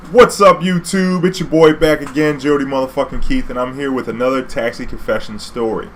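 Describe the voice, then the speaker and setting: A man's voice: medium pitch, flat delivery, fairly quick, a little hiss or hum. A man, a former cab driver, telling a rambling story in a casual vlog with plenty of slang and fillers. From New Orleans. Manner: laid-back, rambling, heavy use of fillers and slang.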